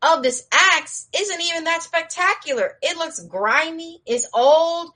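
A woman's voice: lively intonation, measured pace, bright, forceful tone, full character voice. A woman voicing a cocky, dismissive young male prince while retelling a show's plot. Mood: scornful. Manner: scoffing, high and flippant.

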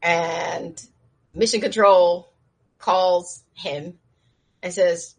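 A woman casually recapping a show in slangy talk, acting out the characters' lines in a higher voice and laughing now and then. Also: animated, measured pace, fairly bright tone. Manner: chatty with frequent laughs and asides.

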